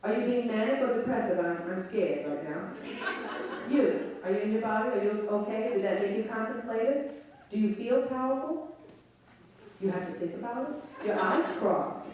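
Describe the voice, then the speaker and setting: Performing stand-up in a chapel packed with a live audience, a woman with a fairly high voice delivers a brash set at normal speed, teasing the crowd and swearing often. The 1989 live recording sounds dull, distant and echoey, with noise and audience laughter behind her.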